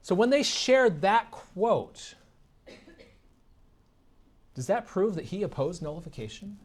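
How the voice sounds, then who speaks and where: A man's voice: high voice, sing-song, slow. A man giving a political keynote speech, combative and sarcastic, putting questions to the audience. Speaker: keynote speaker. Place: convention meeting room.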